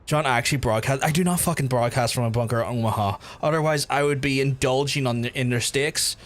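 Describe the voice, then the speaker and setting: Belfast man chatting loosely on stream. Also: mid-range voice. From Northern Ireland. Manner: animated, swears freely, halting restarts. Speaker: livestream host. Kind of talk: casual chat with livestream viewers.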